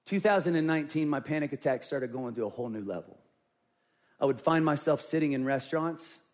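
A man's voice: medium pitch, fairly quick. A middle-aged man, a pastor, telling an earnest personal story in a sermon and acting out his own past words.

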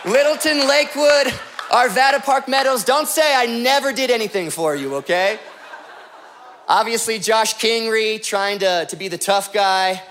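A man's voice: sits high, moderate pace, some chatter behind, a little hiss or hum. A man preaching as a pastor, telling jokey stories and slipping into put-on voices before making his point. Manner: joking, animated storytelling with put-on voices. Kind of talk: comedic sermon.

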